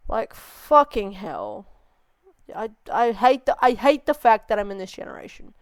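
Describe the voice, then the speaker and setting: A woman's voice: mid-range voice, big pitch swings, a little slow. A young woman hosting a reaction video, ranting and swearing in exasperation. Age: young adult. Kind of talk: casual reaction commentary.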